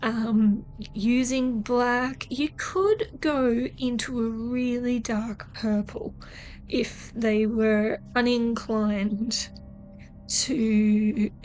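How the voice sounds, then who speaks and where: Chatty Australian woman, slow and high. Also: a little mellow. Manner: chatty, swears freely, jokey. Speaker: nail artist vlogger. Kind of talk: casual tutorial chat.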